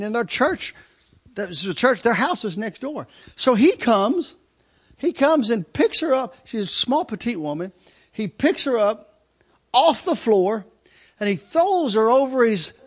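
A man's voice: very high-pitched, big pitch swings, moderate pace, breathy edge. A male preacher telling a story in a sermon, acting out screams and laughter as he goes. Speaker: traveling preacher.

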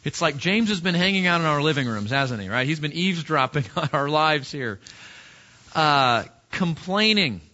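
A male pastor delivers a sermon in a conversational way, asking his listeners rhetorical questions. His voice sits high and sounds bright and forceful. The recording is dull and lo-fi. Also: animated, moderate pace.

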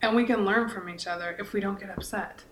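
A woman's voice: medium pitch, steady tone, fast talker, a little hiss or hum. A woman in her forties, chatty and earnest, talking casually on a podcast with lots of likes and restarts. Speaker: podcast co-host and author. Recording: echoey room.

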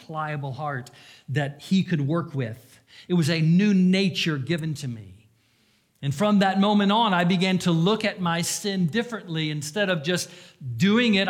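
Earnest preacher man, fairly high voice. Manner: earnest, swings between loud emphasis and hushed confession. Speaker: pastor. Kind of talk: sermon.

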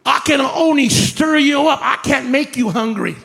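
A man preaching as a guest speaker in a church, shouting in fiery, repetitive call-and-response, with worship music behind him. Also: extremely high pitch, normal speed, gravelly. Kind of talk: shouted sermon. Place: church sanctuary.

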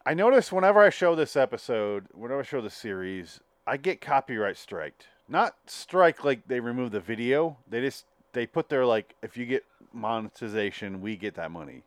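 A man's voice: mid-range voice, normal speed, hardly any pauses, no room sound. A man co-hosting a casual podcast, retelling TV scenes and acting them out. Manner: animated storyteller who acts out scenes. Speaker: podcast co-host. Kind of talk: casual chat, reacting to a TV show.

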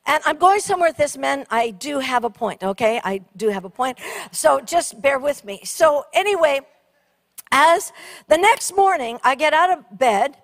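A middle-aged woman preacher telling an animated, funny story in a sermon. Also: sits high, moderate pace. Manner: animated, shrieking during funny story parts.

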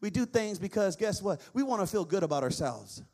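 A male pastor with a high voice delivers a sermon in a church. He reads scripture aloud and calls on the congregation to repeat after him. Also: sing-song, brisk, a little mellow. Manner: preaching, quoting scripture, calls on the congregation to respond.

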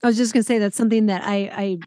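Woman podcast host, lively storyteller, close dry mic. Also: medium pitch, racing, no room sound. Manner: animated storyteller, exclamations. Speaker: podcast host, former group leader. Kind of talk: casual podcast conversation.

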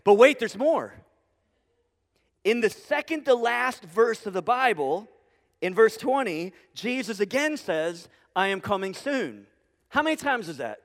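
Pastor guy preaching, fairly high voice, jokey and animated, asks the crowd lots of questions, long echo like a big church hall. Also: unhurried. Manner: animated, humorous, conversational preaching with rhetorical questions. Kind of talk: sermon.

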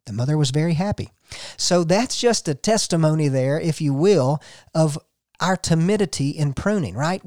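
A man's voice: a little high, a little mellow, no room sound, clean studio sound. A man hosting a gardening show, talking folksy and casual and telling a story to listeners he calls folks.

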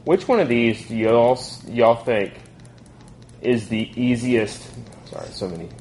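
A man's voice: mid-range voice, unhurried, darkish tone, slight background noise. A man in his thirties teaching a group Bible study in a casual, conversational way, with frequent fillers and restarts.

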